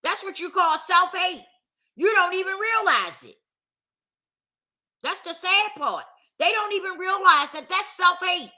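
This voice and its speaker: A woman's voice: very high-pitched, animated, unhurried, pauses often, sharp tone. A woman vlogger talking straight to camera in a casual, emphatic rant, circling back to the same points with heat. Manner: emphatic, repetitive, heated.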